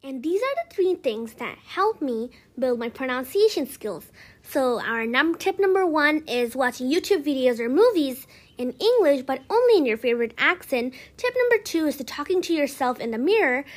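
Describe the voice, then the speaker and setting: A woman's voice: high-pitched, big pitch swings, normal speed. A woman hosting her own podcast, giving upbeat, chatty tips and filling her talk with "like" and "so". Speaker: podcast host.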